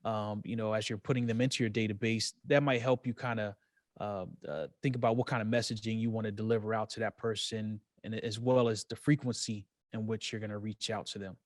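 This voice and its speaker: A man co-hosting a casual podcast, explaining things in a measured way and thinking aloud with plenty of fillers. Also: on the low side, fairly even intonation, dry recording, clean studio sound. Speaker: podcast co-host. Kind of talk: casual real estate podcast chat.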